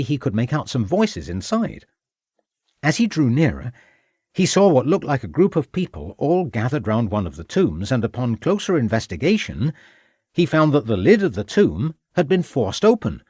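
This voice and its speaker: A man's voice: mid-range voice, a little mellow, slightly rough, no room sound, clean studio sound. A man playing an earnest young constable. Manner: earnest, deferential report.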